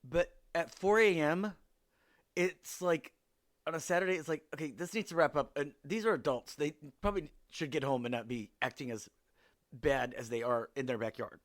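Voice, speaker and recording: A podcast host from the Seattle area tells casual stories about his neighbors, sounding wry and exasperated and acting out what they said. His voice is a little high, at a moderate pace.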